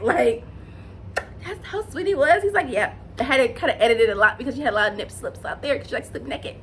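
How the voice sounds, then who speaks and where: A young woman reviews a dating show in a relaxed, chatty vlog voice that sits a touch high. She gushes freely and lets her voice jump up into squeals when something moves her. A faint hiss runs under the recording. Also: fast talker, poor audio.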